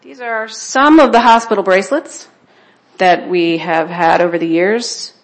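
Speaking a little slowly in a medium pitch, a woman gives her personal testimony at a church conference. She's emotional and conversational, and she keeps checking in with the people listening.

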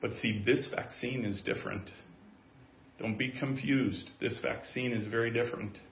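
A man preaching a sermon as pastor, moving from quiet, musing asides to loud, emphatic declarations. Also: medium pitch, steady tone, moderate pace, vocal fry, slight background noise. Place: church. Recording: echoey, muffled church audio.

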